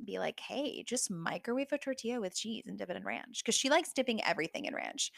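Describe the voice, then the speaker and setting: A woman's voice: fairly low pitch, fairly bright tone, dry recording, studio quality. A woman hosting a casual solo podcast, chatty and gushing, filling her talk with "like" and the odd swear word. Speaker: podcast host.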